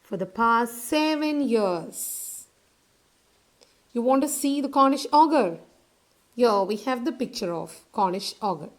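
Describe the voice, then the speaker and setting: A woman teacher walks her class through a story. She speaks slowly, in a fairly high voice, and repeats key words. She asks questions and answers them herself. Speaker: English teacher. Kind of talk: classroom lesson explaining a story.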